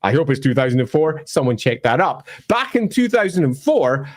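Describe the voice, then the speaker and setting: A man's voice: mid-range voice, very animated, a little fast. A Scottish man explaining fantasy game lore in an emphatic, wry, opinionated way. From Scotland. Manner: emphatic, wry, bursts into mock voices. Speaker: lore presenter.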